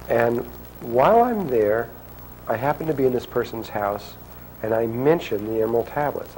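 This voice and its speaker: A man's voice: medium pitch, a little mellow, slight background noise, rough recording. Rambling male storyteller. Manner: rambling, restarts often, acts out quotes. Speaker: speaker telling a story to an audience.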